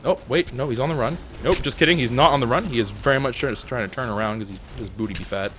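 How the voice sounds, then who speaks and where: A young man giving jokey, excitable let's-play commentary, talking to the animals in his game. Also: medium pitch, quick pace, a little hiss or hum. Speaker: gaming YouTuber.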